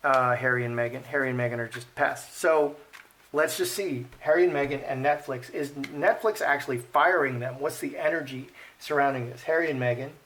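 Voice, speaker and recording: A man's voice: medium pitch, a little fast, fairly bright tone. A man giving casual commentary while reading cards, thinking aloud, repeating himself and murmuring the card names. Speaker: card reader.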